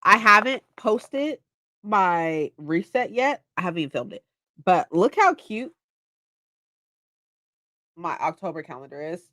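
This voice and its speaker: Animated, playful young woman streamer. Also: fairly low pitch, unhurried, pauses often, dry recording. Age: 20s. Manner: playful, mock-dramatic, reads chat aloud. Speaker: livestream host. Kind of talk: casual livestream chat.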